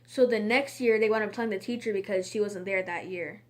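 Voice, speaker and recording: A woman's voice: mid-range voice, fairly quick, a little mellow. A woman in a casual storytime monologue, rambling and chatty, with frequent fillers and restarts. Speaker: vlogger.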